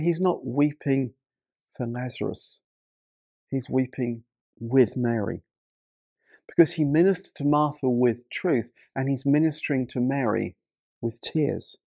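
A man's voice: medium pitch, gravelly, dark tone, slightly rough, no echo, studio quality. A man preaching a sermon in an earnest way, often repeating words and restarting his sentences.

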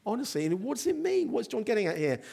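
High-voiced, animated male preacher. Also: fast, vocal fry, slightly rough. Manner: animated storytelling, asks the congregation questions. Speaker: pastor. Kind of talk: sermon.

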